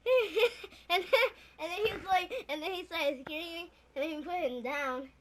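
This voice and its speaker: A woman's voice: extremely high pitch, normal speed. A young woman chiming in to a shared story in casual chat, laughing along.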